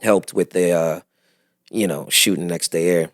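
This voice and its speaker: A man, an actor guest telling animated stories in a casual interview chat. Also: low voice, a little slow, no echo, clean studio sound. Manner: animated storyteller, acts out other voices with laughter.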